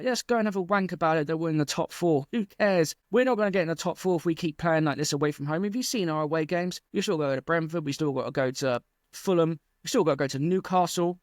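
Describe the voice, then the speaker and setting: A man's voice: fairly high pitch, fast, no echo, studio quality. A man ranting passionately and with exasperation as a football fan channel host. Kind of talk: angry fan rant to camera.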